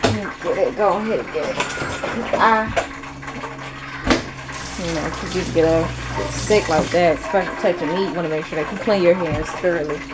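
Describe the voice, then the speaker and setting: A woman's voice: lowish voice, moderate pace, heavy background noise. A young woman chatting playfully to her viewers while cooking in her home kitchen, with slangy asides. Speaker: vlogger. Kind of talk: casual cooking vlog chat. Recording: loud frying sizzle in the background.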